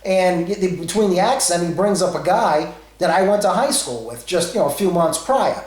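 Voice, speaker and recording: A man's voice: high voice, expressive, moderate pace, darkish tone, echoey room, rough recording. A man from Rhode Island in his forties with a New England accent, telling a rambling story full of asides. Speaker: vlogger. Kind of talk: casual storytelling.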